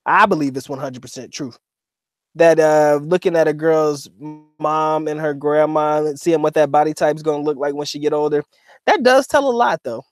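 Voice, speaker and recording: A man chatting on a livestream in loose slang, dropping curses and laughing easily. His voice sits a little high, and it sounds dry and close, with no room around it. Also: moderate pace, no echo. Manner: slangy and profane, laughs often. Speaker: livestream co-host reading chat. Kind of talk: casual livestream chat.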